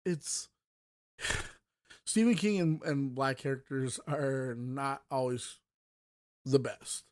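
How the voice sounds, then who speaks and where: A man's voice: mid-range voice, slow, no room sound, clean studio sound. A man hosting a podcast, reviewing books in casual, rambling talk full of fillers and restarts. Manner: mocking voices when quoting. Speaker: podcast host.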